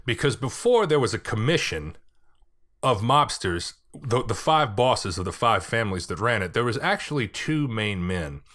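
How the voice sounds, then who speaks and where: A man's voice: fairly low pitch, lively intonation, normal speed, fairly bright tone. A man hosting a casual solo podcast, talking in a joking, rambling way and swearing now and then. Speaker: podcast host.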